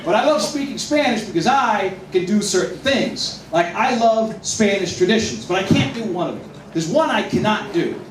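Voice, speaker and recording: Animated, high-voiced male stand-up comic. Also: normal speed, hardly any pauses. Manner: animated, self-deprecating delivery. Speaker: stand-up comedian. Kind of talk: stand-up comedy set. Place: restaurant, indoors. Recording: echoey room, distant mic, noisy.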